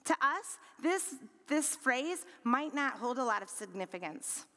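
A woman preaching a sermon, expressive, rising to bright emphasis and dropping to low, quiet lines. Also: measured pace. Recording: long hall reverb.

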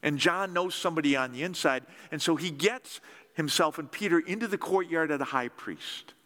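A man preaching a sermon, telling a story with lively acted-out dialogue and asking the congregation to respond. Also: on the high side, normal speed. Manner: animated storytelling, acting out dialogue with audience call-and-response. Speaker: pastor. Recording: echoey hall with long reverb.

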